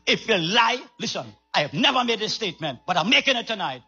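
A raspy-voiced male preacher delivering an emphatic sermon, repeating lines and calling for amens. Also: sits high, big pitch swings, quick pace, bright, forceful tone, dull audio, soft background music.

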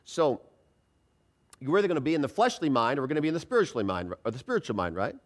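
A man preaching a sermon in a church, animated and calling on the congregation to answer him out loud. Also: medium pitch, rapid-fire. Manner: animated, calls for congregation responses.

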